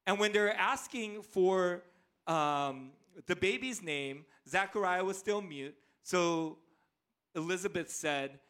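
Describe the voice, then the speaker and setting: Male pastor, thirties, high bright voice, lively storytelling sermon. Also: takes it slowly. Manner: animated, playful storyteller.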